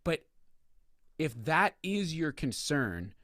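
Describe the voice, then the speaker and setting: A man's voice: fairly high pitch, takes it slowly, no room sound, clean studio sound. A man co-hosting a sports podcast, telling stories in casual, profane chat. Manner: profane, animated storytelling with acted quotes. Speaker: podcast co-host.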